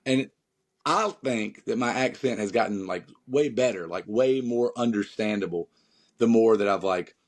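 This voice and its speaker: This is casual podcast chat from a male musician guest from North Carolina. His Southern-accented voice is on the low side and moves at a moderate pace, and he talks emphatically, rambling and using many fillers.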